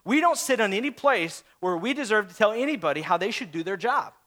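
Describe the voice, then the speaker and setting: A young man preaching a sermon as a pastor, animated and acting out quoted voices, swinging from calm talk to shouting. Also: sits high, brisk. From St. Louis area, USA.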